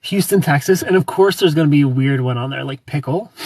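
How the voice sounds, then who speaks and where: A man's voice: a little high, moderate pace, darkish tone, husky, far from the mic. A young man hosting a casual livestream, chatting and giggling as he greets viewers by name. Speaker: livestream host. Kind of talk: casual livestream chat reading comments.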